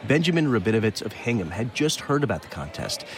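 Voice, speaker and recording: A man reporting a scripted news feature on public radio in a measured, clear delivery. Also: on the low side, big pitch swings, a crowd in the background.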